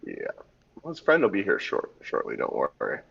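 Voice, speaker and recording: Gravelly low-voiced man running the game. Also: huge pitch swings, moderate pace, fairly bright tone, lo-fi sound. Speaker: dungeon master.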